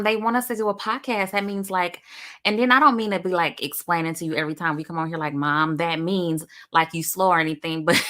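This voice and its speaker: A woman's voice: on the low side, bright, forceful tone. A woman hosting a live show in casual chat, upbeat and talkative, calling her viewers y'all.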